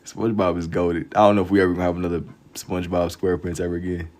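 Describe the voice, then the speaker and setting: A man's voice: sits low, little pitch movement, very fast, a little mellow. A young man casually chatting with his live-stream viewers while drawing, laid-back and full of slang. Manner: laid-back slang-heavy banter, reads chat aloud.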